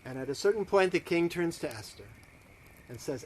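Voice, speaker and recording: A man, a rabbi, telling a story to students in a dramatic, expressive way. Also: fairly high pitch, normal speed, a little hiss or hum.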